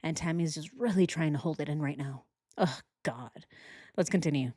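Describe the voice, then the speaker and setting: A woman's voice: low-pitched, normal speed, dark tone, no echo, studio quality. A woman doing true crime reaction commentary, indignant and conversational, and often asking her viewers questions. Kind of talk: reaction commentary over video.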